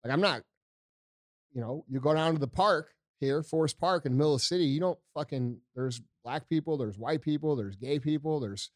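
A man with a fairly high voice talks politics in casual chat, blunt and peppered with swearing. He sounds animated as he makes his points. The sound is dry and close, with almost no room echo. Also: fairly quick. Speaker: podcast co-host.

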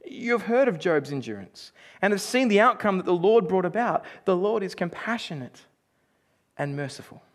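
Young guy preaching with a high voice, animated, gets quiet and slow reading scripture. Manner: animated, acts out quotes with sudden shouts. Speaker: pastor. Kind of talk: sermon.

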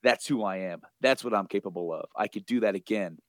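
A remorseful grown man, a villain who pleads to be killed, as a man reads his lines aloud. The voice sits low and quiet, close and dry with no room sound. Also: brisk, no room sound, lightly acted. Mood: pleading.

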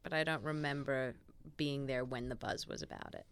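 Young Australian woman, smooth voice, chatty. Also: very deep voice, normal speed, fairly bright tone, no room sound. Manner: chatty, many "like" fillers and restarts. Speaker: guest actress. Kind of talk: casual interview chat.

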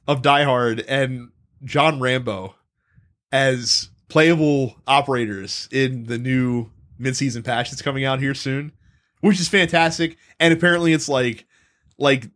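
Excitable man riffing on a podcast. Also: a little high. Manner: excitable, riffing, swearing, laughing. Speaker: podcast co-host. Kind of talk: casual chat.

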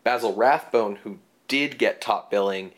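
A man's voice: lowish voice, unhurried. A man co-hosting a casual movie podcast, talking in rambling stretches full of fillers and restarts. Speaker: podcast co-host. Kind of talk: casual movie review chat.

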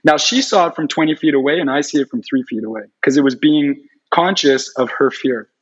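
A man telling a long personal story in an animated, rambling way, full of "like" fillers. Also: a little high, brisk, breathy edge. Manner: rambling, heavy use of "like" fillers. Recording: dull lo-fi recording.

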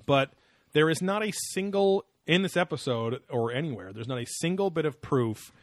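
A man's voice: on the high side, animated, moderate pace, no room sound, studio quality. A man hosting a podcast in casual, rambling banter, swearing freely and laughing often. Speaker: podcast host.

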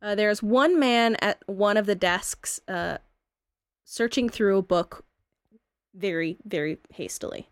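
A woman narrating as game master of a tabletop game, halting with fillers. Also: medium pitch, clear, resonant tone, no room sound, studio quality.

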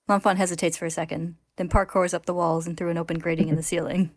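A woman with a fairly low voice recaps a story chapter for her podcast, delivering the plot with dry sarcasm. The sound is close and dead, with no room echo. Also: flat delivery, quick pace, few pauses. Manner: wry, sarcastic storytelling with frequent laughs. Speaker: podcast host recapping a manga. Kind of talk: casual recap narration.

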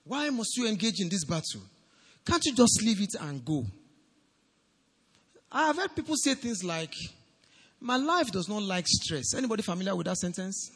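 Pastor, high lively voice, husky edge, preaching with long hall reverb. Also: male voice, normal speed, pauses often. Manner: animated preaching, rising to shouts and dropping low. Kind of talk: sermon.

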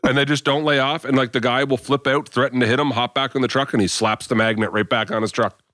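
A man's voice: medium pitch, steady tone, quick pace, sharp tone, no echo, studio quality. Man chatting on a podcast. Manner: enthusiastic, recounts viral videos with laughs. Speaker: podcast co-host. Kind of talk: casual chat.

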